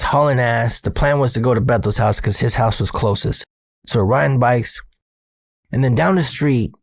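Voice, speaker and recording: A man's voice: mid-range voice, creaky, dry recording, studio quality. A man telling a spooky personal story in a casual, slangy way, swearing and speaking directly to the listener.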